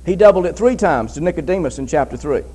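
A man's voice: a little high, lively intonation, quick pace, mellow, breathy edge, low-quality recording. A man preaching a sermon in an emphatic way, repeating phrases for stress and reading scripture aloud.

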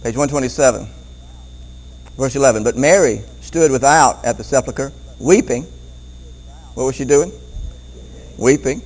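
A man preaching a Bible-teaching sermon, animated, often repeating words and chuckling as he goes. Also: medium pitch, poor audio.

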